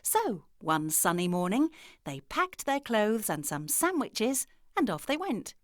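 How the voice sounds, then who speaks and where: A woman narrating children's fairy tales in an expressive storytelling manner. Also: medium pitch, measured pace, no room sound, clean studio sound.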